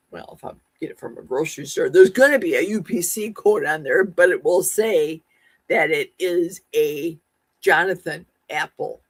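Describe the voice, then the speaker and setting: A woman in her sixties with a husky, slightly breathy voice hosts a casual live stream. She talks at an unhurried, drawn-out pace, sassy and chatty as she answers her viewers. The sound is close and dry, with no room around her. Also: lowish voice, no echo. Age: 60s. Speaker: livestream host. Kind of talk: casual live-stream chat reading comments.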